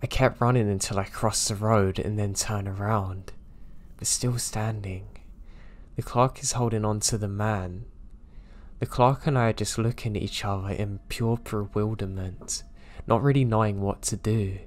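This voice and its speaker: A man narrating true scary stories in a steady, low-key storytelling voice. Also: a little slow. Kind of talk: scripted narration of listener stories.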